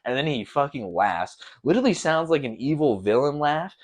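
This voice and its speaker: A man's voice: fairly high pitch, animated, normal speed. A young man hosting a casual solo podcast, rambling loosely with lots of slang and swearing. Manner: loose, profane, slangy storytelling. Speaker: podcast host.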